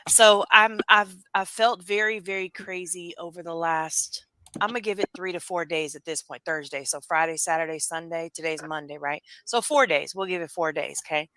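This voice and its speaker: A woman's voice: lowish voice, moderate pace, pushed and bright, no echo. A woman talking emphatically on a livestream, asking rhetorical questions and repeating herself. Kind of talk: ranting livestream monologue.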